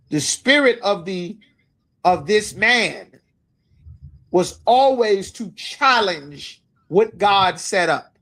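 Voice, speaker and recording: A man leads a scripture class, speaking with emphasis and checking whether his listeners understand. He reads the verses slowly and then explains them in everyday language, his voice pitched high with a fairly bright tone.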